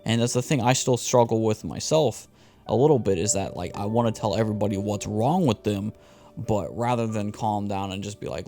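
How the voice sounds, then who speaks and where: A young man hosting a casual motivational podcast, talking in an animated, slangy way with lots of repeated words. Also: lowish voice, brisk. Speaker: podcast host.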